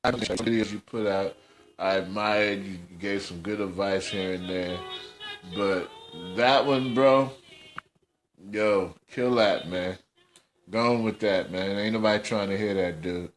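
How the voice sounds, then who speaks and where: A man's voice: lowish voice, steady tone, a little slow, soft background music. A man hosting a casual commentary podcast, scolding in slangy, repetitive talk. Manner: scolding, slangy, repeats himself. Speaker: host.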